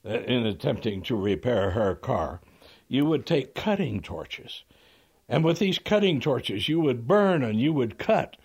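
A man voicing a grandstanding small-town male trial lawyer who builds his cross-examination toward a theatrical shout. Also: lowish voice, wildly swooping pitch, unhurried, slightly rough, heavily acted.

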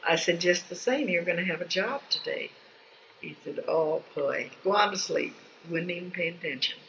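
Her voice fairly low and a bit bright, moving at normal speed, an older woman reminisces about family in a meandering, folksy interview, often restarting what she says. Slight background noise and faint ambience color the dull lo-fi home recording.

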